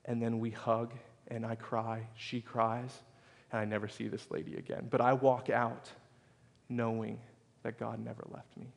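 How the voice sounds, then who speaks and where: A male pastor preaching a sermon, telling a personal story that swings between loud, excited passages and hushed, soft ones. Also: medium pitch, normal speed, gravelly. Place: church sanctuary. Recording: long reverb of a church hall.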